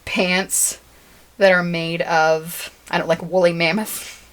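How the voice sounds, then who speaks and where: A woman's voice: lowish voice, little pitch movement, takes it slowly. A woman co-hosting a podcast in casual chat, laughing often and sharing facts she has looked up. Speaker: podcast co-host.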